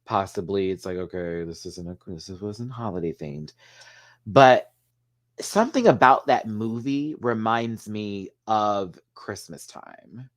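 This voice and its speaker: A man hosting a casual solo review, animated and emotional, swearing freely and using drag slang, rambling with restarts and asides to his viewers. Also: on the low side, takes it slowly. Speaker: TV show reviewer.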